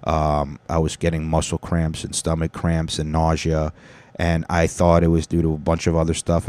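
Man hosting a podcast, low dark voice, rambling and joking, dry sound. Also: dry recording. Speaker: podcast host. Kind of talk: casual chat.

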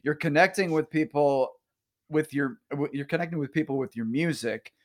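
A man's voice: a little high, moderate pace. A man hosting a podcast interview in a casual, chatty way, laughing easily and restarting his sentences. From Oklahoma. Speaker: podcast host.

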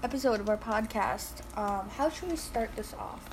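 A woman's voice: on the high side, animated, background noise. Giggly teen girl podcast co-host. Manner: giggly, loud, quick to tease. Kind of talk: casual chat.

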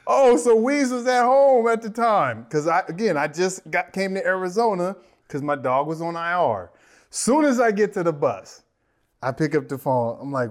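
A high-voiced man with a very lively, swinging delivery, telling a football story. He takes his time and keeps breaking into wheezing laughs. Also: measured pace. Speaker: podcast co-host, former football player. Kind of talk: animated storytelling.

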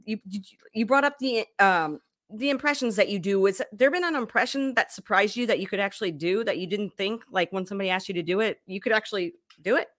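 A woman's voice: medium pitch, fast, fairly bright tone. Giggly, enthusiastic podcast host woman. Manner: enthusiastic, giggly, uses casual slang. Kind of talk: casual interview.

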